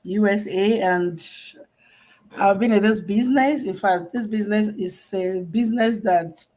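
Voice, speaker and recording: A woman giving an earnest, soft-spoken testimonial as a guest on a live stream. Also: mid-range voice, measured pace. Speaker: guest mentor.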